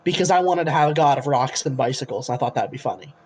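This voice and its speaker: A man's voice: medium pitch, lively intonation, fast talker, a little mellow, slight background noise. A man co-hosting a casual podcast discussion, with wry, blunt quips. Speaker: dungeon master, podcast co-host.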